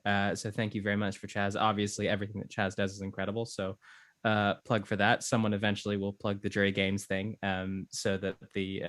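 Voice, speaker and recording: A man's voice: fairly low pitch, fairly bright tone, dry recording, studio quality. A man on a video call, talking gratefully while searching for words with many fillers. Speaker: cast member. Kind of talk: casual chat on a video call.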